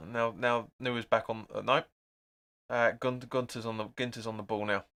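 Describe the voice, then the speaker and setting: A man's voice: mid-range voice, moderate pace. A young man hosting a live football watch-along, chatting casually, calling the play and reading out viewer comments. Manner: chatty, reads out viewer comments, excitable at chances.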